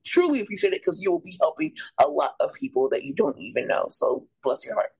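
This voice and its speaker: A woman's voice: lowish voice, big pitch swings, quick pace, darkish tone, husky, poor audio. A woman hosting a podcast, blunt and playful in casual chat. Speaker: podcast host.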